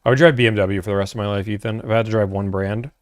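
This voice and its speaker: A man's voice: lowish voice, fairly even intonation, very fast, background noise. Laid-back man chatting to a livestream. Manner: laid-back, chatty, answers chat questions. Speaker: livestream host answering chat. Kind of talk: casual livestream chat.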